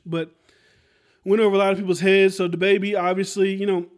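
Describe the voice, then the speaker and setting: A man with a fairly high voice talks through his podcast commentary. He rambles along loosely, filling his talk with "like" and "right?" and keeping it animated and conversational. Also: fairly quick. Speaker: podcast host. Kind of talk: casual commentary.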